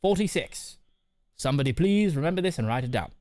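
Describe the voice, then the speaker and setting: A man's voice: a little high, expressive, a little fast, mellow, dry recording, clean studio sound. A man hosting a live stream, giving casual advice and reading chat messages aloud with a joking manner. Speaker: streamer host.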